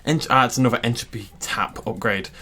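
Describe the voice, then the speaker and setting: A man hosting a gaming channel, giving chatty, excitable let's-play commentary and laughing often. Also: medium pitch, brisk.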